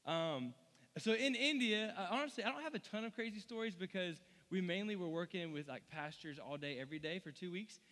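A man in his thirties preaching to young adults in a chatty, animated way, full of fillers and restarts. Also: high-pitched, a little fast. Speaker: college ministry preacher. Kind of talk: sermon with casual storytelling. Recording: long hall reverb.

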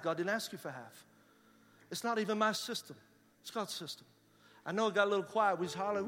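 A middle-aged man, a pastor telling a story in a sermon and building to loud preaching. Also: high voice, brisk, long pauses. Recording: reverberant hall.

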